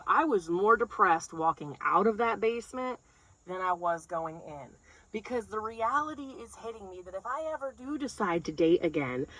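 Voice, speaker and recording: Husky lady doing stand-up, animated storytelling, acts stuff out. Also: medium pitch, low-quality recording. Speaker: stand-up comic.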